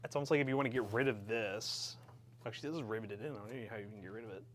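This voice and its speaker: A man's voice: fairly low pitch, racing, a bit bright. A man hosting a livestream, chatting casually and joking offhand while he builds a computer.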